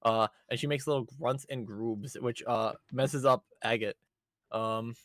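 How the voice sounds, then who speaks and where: A man's voice: medium pitch, fairly even intonation, unhurried, fairly bright tone, dry recording, clean studio sound. A man casually recapping an anime episode on a podcast, rambling with fillers and swearing. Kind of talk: casual chat.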